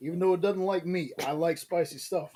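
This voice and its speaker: Low-key podcast host man, dry asides. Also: steady tone, a little fast, mellow, a little hiss or hum. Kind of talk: casual chat.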